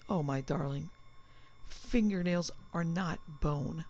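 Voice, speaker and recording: A woman voicing a calm, sweet wife who speaks softly and reassuringly. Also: low voice, slow pace, heavily acted. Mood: soothing. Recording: slightly dull, dry recording.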